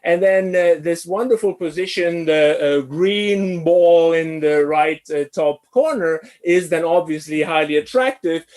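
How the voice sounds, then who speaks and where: Male business lecturer, higher-pitched, halting delivery full of fillers, online class. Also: darkish tone. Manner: hesitant, many uh fillers.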